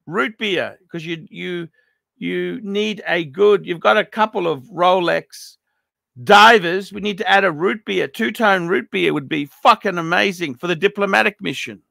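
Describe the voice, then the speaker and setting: A middle-aged man reviews a watch collection in a blunt, swearing rant. His voice sits high and gravelly, with a sharp, forceful edge. The sound is dry and close. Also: dry recording. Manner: blunt, profane, ranting advice. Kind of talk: unscripted paid review monologue.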